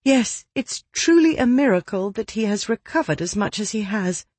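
A narrator voicing a refined young gentlewoman, polite and measured, in an audiobook. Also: mid-range voice, animated, husky, dry recording, voice pushed up. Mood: gracious.

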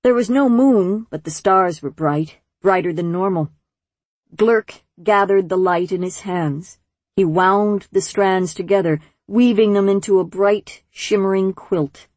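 A woman narrating an audiobook in a measured, gentle storytelling manner. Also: mid-range voice, dry recording. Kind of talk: scripted narration.

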